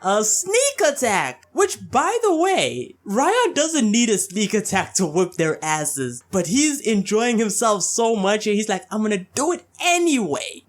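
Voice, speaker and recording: A man reviewing a manga chapter in a casual, slangy way, loosely retelling the characters' lines. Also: high-pitched.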